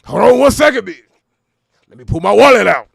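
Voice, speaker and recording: A man putting on a rough, shouting impression of an aggressive rapper. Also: high-pitched, animated, fairly quick, no echo, pitched above the performer's own voice, heavily acted.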